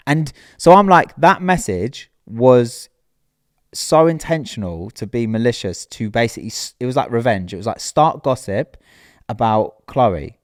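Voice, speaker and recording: A man co-hosting a podcast, making his points in an emphatic, indignant way. His voice has an average pitch. The recording is dry and close, with no room echo. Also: expressive, a little slow. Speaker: podcast co-host. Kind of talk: casual chat.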